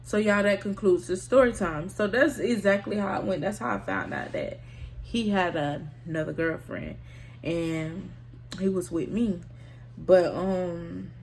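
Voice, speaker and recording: A woman's voice: fairly low pitch, gravelly, darkish tone, a little hiss or hum. A woman telling a personal story in a casual storytime vlog, candid and slangy, often talking straight to her viewers. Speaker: storytime vlogger.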